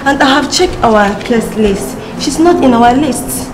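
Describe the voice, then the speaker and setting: Polite nigerian receptionist, bit high, echoey lobby with music. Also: female voice, animated, a little slow. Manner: polite, formal.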